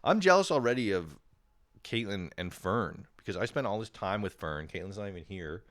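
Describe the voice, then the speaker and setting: A man hosting a podcast, rambling through a self-mocking comedic monologue, swearing often and breaking into sudden loud animated bursts. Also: fairly low pitch, normal speed, dry recording, studio quality. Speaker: podcast host.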